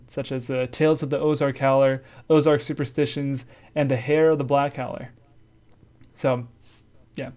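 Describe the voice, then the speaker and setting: A man's voice: fairly high pitch, a little mellow. Chatty laid-back male podcast host. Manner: chatty, laughs easily, loose and informal. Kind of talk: casual podcast chat.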